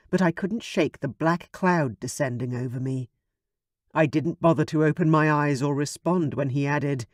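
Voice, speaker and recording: Male audiobook narrator, unhurried, dry close recording, mid pitch. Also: no room sound. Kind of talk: first-person romance audiobook narration.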